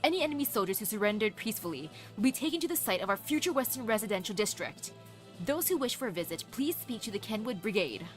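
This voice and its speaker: A woman's voice: medium pitch, lively intonation, quick pace, soft background music, voice pushed down, natural voice. A woman voicing an earnest young male knight from a game, solemn and announcing. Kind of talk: reading game dialogue aloud.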